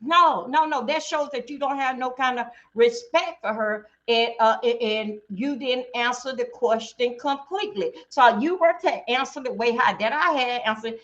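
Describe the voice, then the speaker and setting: Animated woman on lo-fi livestream. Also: high-pitched, normal speed. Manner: animated, acts out both sides of conversations. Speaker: guest. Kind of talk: livestream relationship talk. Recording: dull lo-fi stream audio.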